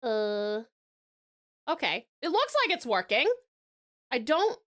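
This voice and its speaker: High-voiced tasmanian woman on a live stream, really bouncy up and down, gushy and affectionate. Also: very animated, takes it slowly, pushed and bright. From Tasmania, Australia. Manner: gushing, affectionate, flustered. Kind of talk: casual live-stream chat.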